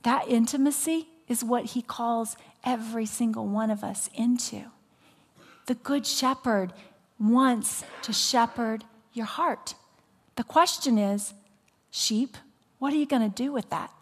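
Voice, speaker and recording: A woman pastor preaching a sermon, telling a story with animation and dropping into soft, whispered appeals. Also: on the high side, measured pace, slightly rough, in a large hall. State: recovering from voice loss.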